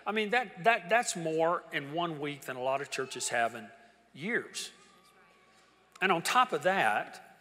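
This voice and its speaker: Older male pastor, bright and forceful, fairly high voice, emotional storytelling in a reverberant church. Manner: emotional storytelling, swinging from hushed to loud. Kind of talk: sermon. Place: large church auditorium. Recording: reverberant church hall with congregation.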